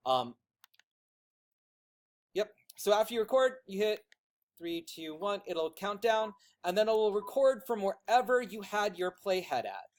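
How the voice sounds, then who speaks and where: A man teaching a class how to use software, talking in a loud teacher voice, chatty and informal with plenty of asides. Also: sits high, lively intonation, unhurried.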